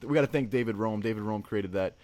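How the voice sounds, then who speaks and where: A man's voice: fairly low pitch, quick pace, a little mellow. A man hosting a casual livestream, rambling and joking, often tacking "man" onto his sentences and laughing. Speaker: livestream host.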